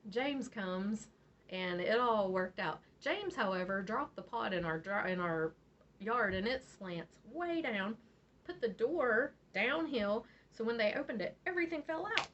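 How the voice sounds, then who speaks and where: Her voice is a little high and unhurried as she, a beading channel vlog host from Virginia and from West Virginia, casually recounts a story. Animated, she laughs frequently and acts out the quotes, on slightly dull audio with faint noise.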